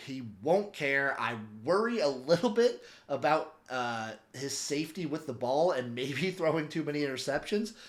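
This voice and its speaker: A man giving casual, opinionated sports commentary as a podcaster, rambling with animated asides. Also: fairly high pitch. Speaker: football podcaster.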